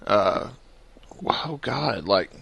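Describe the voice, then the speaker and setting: A man's voice: lowish voice, animated, drawn-out words, creaky, fairly bright tone, slightly rough, no room sound. A man hosting a casual podcast, joking and upbeat, with a lot of laughter. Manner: jokey and upbeat, laughs often. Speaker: podcast host.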